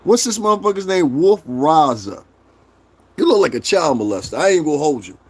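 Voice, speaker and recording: A man's voice: fairly high pitch, very animated, brisk, slightly rough. A man hosting a livestream, ranting bluntly and profanely and roasting his chat. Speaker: livestream host. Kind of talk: casual livestream rant.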